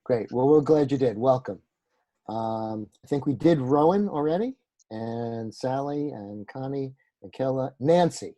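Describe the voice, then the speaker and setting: Video-call facilitator, male, New York accent, warm dark tone. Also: mid-range voice, a little slow. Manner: friendly, calling names one by one. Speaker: meeting facilitator. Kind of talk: casual video call introductions.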